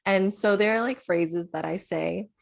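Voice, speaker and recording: A young adult woman co-hosting a podcast in casual chat, relaxed and loose with "like" fillers and laughs. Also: mid-range voice, unhurried, creaky. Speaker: podcast co-host.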